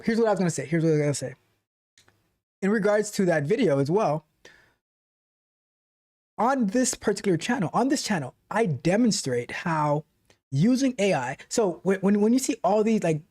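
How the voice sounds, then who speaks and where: A tech coach hosting a casual coding livestream speaks in a high voice with a darkish tone. He pushes his points emphatically and motivationally, repeats his own phrases for stress, chats loosely between points, and reads comments from the chat.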